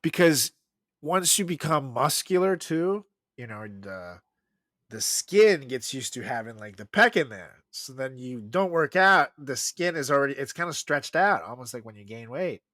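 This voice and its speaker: A male podcast host talks in a loose, crude, joking way, with lots of laughter and filler words. His voice is bright and animated, and the pitch swings widely. The recording is dry and close. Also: normal speed, no room sound. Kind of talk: casual comedic chat.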